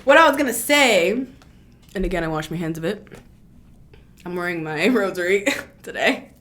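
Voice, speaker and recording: A woman's voice: on the low side, expressive, normal speed, long pauses, fairly bright tone. A woman giving a casual spoken tarot reading as a channeler, chatty and blunt, with lots of filler words and some swearing.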